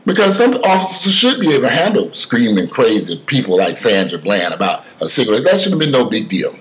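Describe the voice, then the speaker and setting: A man giving casual spoken commentary, telling stories with emphatic swings from loud outbursts to mutters, cursing freely. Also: medium pitch, wildly swooping pitch, fairly quick, hardly any pauses, a little hiss or hum, poor audio.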